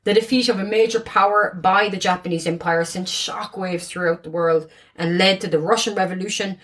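This is a woman co-hosting a casual podcast. She tells a history tale in a chatty way, giggling easily and getting animated at the funny parts. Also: medium pitch, a little fast. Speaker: podcast co-host. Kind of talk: casual storytelling chat.

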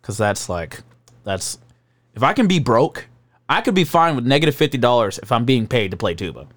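A man chatting casually, profane and animated, laughing often as he talks about work and comedy. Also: mid-range voice, normal speed, dry recording. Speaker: restaurant worker and comedian. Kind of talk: casual chat.

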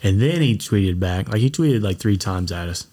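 A man's voice: lowish voice, expressive, normal speed, mellow, breathy edge. A man hosting a podcast in casual chat, telling stories in a rambling way and laughing often. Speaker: podcast host.

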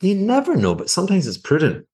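A middle-aged male market commentator who talks with a mocking, cranky edge. His pitch sits a little high and swings widely as he jabs at what he is hearing, throwing in sarcastic asides. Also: huge pitch swings, fast talker, darkish tone. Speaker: market commentator and former fund manager.

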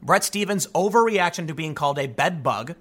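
A man's voice: fairly high pitch, animated, brisk, a bit bright. A man delivering a solo political commentary monologue, reading quotes aloud and breaking in with sarcastic, emphatic asides.

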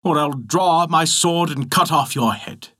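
A man's voice: on the high side, a little slow, fairly bright tone. A man voicing a brash, greedy young soldier in a storybook tale, blunt and commanding. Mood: demanding.

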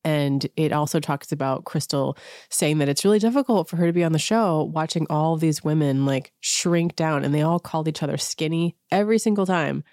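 A woman's voice: low-pitched, a little fast, a little mellow, no echo, studio quality. A woman hosting a podcast, giving a casual, sarcastic recap and mimicking the people she quotes. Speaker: podcast host.

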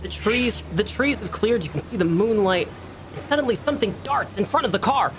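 A game master narrates a tabletop game in a mid-pitched voice. The narration is descriptive but halting, with frequent restarts. A faint hiss sits behind it. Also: animated.

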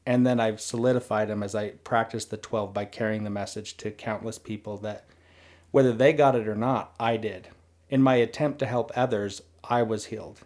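A podcast guest speaks in a low voice, earnest and a bit halting. He often restarts his sentences as he works through his thoughts in casual conversation. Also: fairly even intonation, a little mellow.

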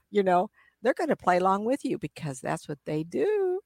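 Chatty woman medium, gravelly voice. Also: mid-range voice, very animated, brisk, darkish tone, no room sound. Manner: chatty, acts out voices of spirits with gasps and laughs. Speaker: psychic medium guest. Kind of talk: casual interview talk.

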